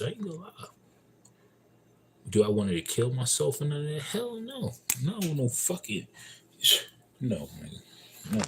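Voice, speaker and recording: A man in a casual livestream monologue, telling a story in a profane, emphatic and rambling way. He swings between loud outbursts and low mutters. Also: a little hiss or hum, low-quality recording. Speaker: livestream host.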